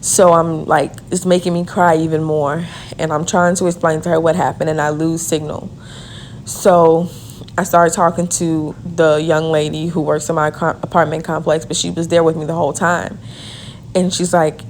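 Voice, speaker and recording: A woman telling a personal story in an earnest way, with quick repeated phrases. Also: low voice, little pitch movement, darkish tone, slight background noise. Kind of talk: emotional first-person storytelling.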